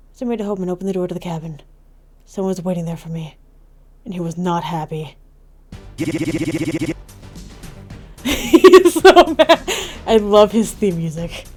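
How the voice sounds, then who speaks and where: A woman hosting a gaming channel, reading the narration of a visual novel aloud in a calm, soft storytelling way. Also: lowish voice, fast, soft background music.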